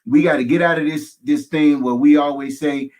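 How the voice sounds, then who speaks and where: Pastor guy talking real candid, kinda high voice, piles up repeated phrases, jokes around. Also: fairly even intonation, moderate pace, a little mellow. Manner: emphatic, repeats phrases in runs; folksy, humorous asides. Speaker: pastor, guest. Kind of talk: candid conversational testimony.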